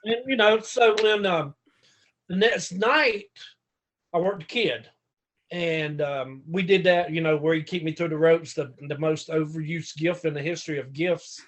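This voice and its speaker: Male guest, rough-talking raconteur, animated retelling, somewhat high pitch. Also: measured pace. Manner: profane, animated storyteller acting out quotes. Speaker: guest, former pro wrestler. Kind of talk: casual storytelling.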